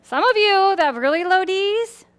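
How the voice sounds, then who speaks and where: A woman giving a lively workshop talk on personality styles to an audience, acting out quotes with big swings in her voice and sometimes restarting her words. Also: moderate pace. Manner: animated, acts out quotes with big pitch swings.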